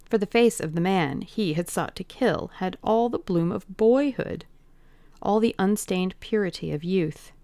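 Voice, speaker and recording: A woman reading a classic novel aloud as an audiobook narrator, in a slow, deliberate, brooding manner. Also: mid-range voice, warm tone, no echo.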